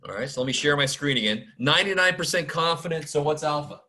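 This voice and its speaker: A math instructor races through a casual statistics lecture over a video call mic, barely pausing, his voice high, bright, pushed, and lively in intonation. He keeps it informal and self-deprecating, muttering asides and mild curses.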